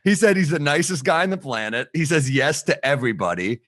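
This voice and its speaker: A man co-hosting a podcast, telling a lively anecdote in casual chat and swearing freely. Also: a little high, a little fast, dry recording, clean studio sound. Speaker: podcast co-host.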